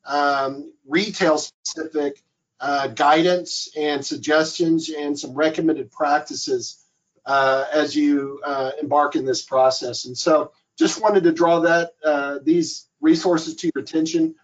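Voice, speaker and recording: A man presenting resources during an online webinar, listing them in a steady way. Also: on the high side, takes it slowly. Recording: lo-fi online call audio.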